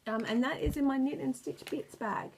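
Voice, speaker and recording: A woman's voice: sits high, normal speed, slight background noise. A tired, stressed woman hosting a knitting video podcast. She rambles, loses her words and laughs often. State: tired and stressed, close to tears. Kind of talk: casual chat.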